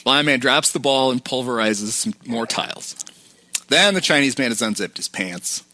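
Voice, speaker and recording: A man's voice: mid-range voice, lively intonation, moderate pace, bright, forceful tone, no room sound. Man recapping a film on a podcast. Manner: recaps the plot and acts out quotes. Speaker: podcast co-host. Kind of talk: casual film-discussion podcast.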